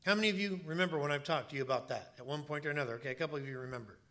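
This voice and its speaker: Male pastor, bright and forceful tone, fairly high voice, emphatic storytelling sermon in a church. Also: rapid-fire. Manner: emphatic, storytelling, repeats words for stress.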